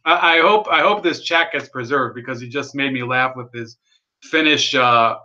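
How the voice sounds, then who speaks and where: A man's voice: mid-range voice, moderate pace, bright, forceful tone, muffled recording. A man hosting a political livestream, rambling and sardonic, swearing and reading out chat messages. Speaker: livestream host. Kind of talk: casual political livestream commentary.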